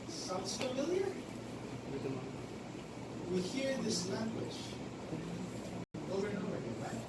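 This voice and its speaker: A male pastor preaching a sermon, dramatic, swinging from hushed lines to forceful emphasis. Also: high-pitched, a little slow, long pauses. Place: large church hall. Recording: echoey hall, distant, noisy live stream.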